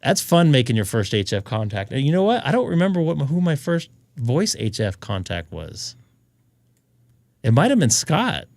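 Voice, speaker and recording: A man's voice: mid-range voice, very animated, moderate pace, darkish tone, no echo. A man hosting a ham radio live stream, chatting in a rambling, jokey way and laughing often. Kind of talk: casual chat on a live stream.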